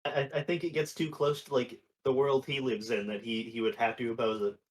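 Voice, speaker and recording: Male co-host, mid-pitched, easygoing and agreeable. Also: fairly quick. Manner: relaxed, agreeable, short replies. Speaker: podcast co-host. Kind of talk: casual chat.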